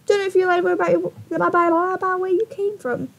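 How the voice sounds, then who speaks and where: A woman's voice: extremely high pitch, flat delivery, quick pace, creaky. A young woman YouTuber telling a dating story in a casual, exasperated vlog style, often laughing.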